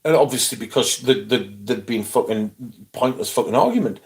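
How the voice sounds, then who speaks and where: Man, middle-aged, casual livestream chat, swearing a lot, lively retelling. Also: mid-range voice, normal speed. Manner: swearing, animated anecdote with quoted voices. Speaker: livestream host.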